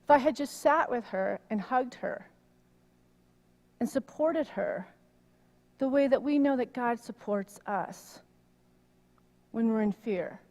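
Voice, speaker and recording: A middle-aged woman giving a conversational sermon, telling a personal story in an animated way that rises loud when she gets worked up. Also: a little high, takes it slowly, pauses often. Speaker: minister. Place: church sanctuary. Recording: long reverb of a hall.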